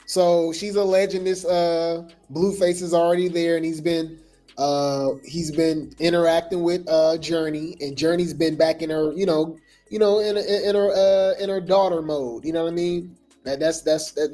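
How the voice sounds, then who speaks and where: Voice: medium pitch, mellow. A gossip news host talking loosely in slang, full of fillers and restarts. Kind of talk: casual gossip commentary.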